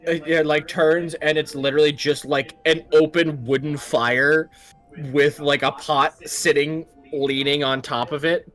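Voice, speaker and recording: A man's voice: a little high, fairly even intonation, measured pace, fairly bright tone, faint music behind. A young man narrating as game master in a tabletop game, rambling and laughing as he describes scenes.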